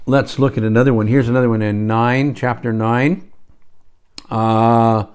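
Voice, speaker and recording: A man's voice: mid-range voice, fairly even intonation, unhurried, darkish tone, clear, resonant tone. A man preaching a conversational sermon, rambling along with restarts and rhetorical asides.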